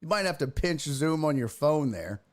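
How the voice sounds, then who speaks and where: Lively rambling man hosting a stream. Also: on the high side, moderate pace. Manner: rambling, self-interrupting, exclaiming. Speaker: sports show host. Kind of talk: casual live-stream chat.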